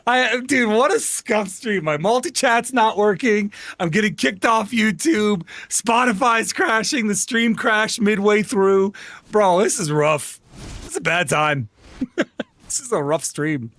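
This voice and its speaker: A man on a live gaming stream with a high voice that leaps all over the place. He rants and yells at his game and his chat in frustration, over a faint steady hum. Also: slow pace, pauses often. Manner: exasperated, ranting, yelling in frustration. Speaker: vtuber streamer.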